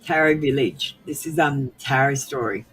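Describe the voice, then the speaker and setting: A woman's voice: rumbling low, normal speed, slightly rough. Chatty Australian woman streaming live. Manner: rambling, chatty with frequent ums and laughs. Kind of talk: casual live stream chat.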